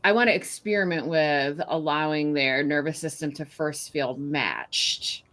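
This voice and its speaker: A woman's voice: sits low, measured pace, a bit bright. A woman guest on a podcast, explaining her ideas at length with everyday examples. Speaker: guest author. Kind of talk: podcast conversation.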